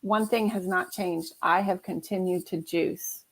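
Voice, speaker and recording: A woman's voice: fairly low pitch, fairly even intonation, a little slow. A woman guest, an herbalist, chatting casually and acting out the people in her stories. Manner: storytelling, acts out quotes. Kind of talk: casual chat.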